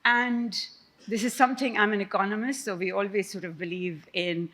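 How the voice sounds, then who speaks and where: Brief: woman, conference panelist, chatty and self-deprecating, mid-pitched voice. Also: steady tone, moderate pace, fairly bright tone. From Pakistan. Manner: conversational, self-deprecating storyteller. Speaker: economist panelist. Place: conference stage before an audience.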